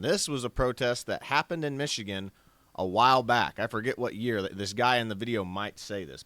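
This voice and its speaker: A man's voice: medium pitch, fairly bright tone, no echo. A man co-hosting a talk show, setting up clips in a matter-of-fact way. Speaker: show co-host. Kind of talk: casual commentary chat.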